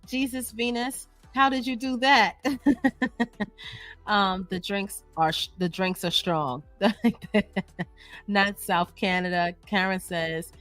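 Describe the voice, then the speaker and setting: A woman from New York co-hosts a casual home livestream, reading chat comments aloud with lots of laughter and drawn-out emphasis. Her voice is close and dry, with faint music underneath. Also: medium pitch, fairly bright tone, no echo.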